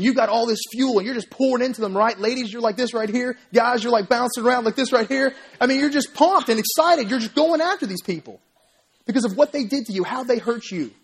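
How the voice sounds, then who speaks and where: Husky high-voiced man preaching. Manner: animated storytelling, acts out crowd voices, asks "right?" often. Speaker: pastor. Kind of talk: sermon. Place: church sanctuary.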